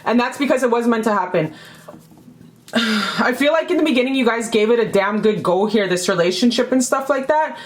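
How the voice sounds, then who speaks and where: A woman's voice: fairly high pitch, lively intonation, brisk. A young woman giving a casual tarot reading to camera, chatty and emphatic, swearing freely and repeating phrases. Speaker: tarot reader.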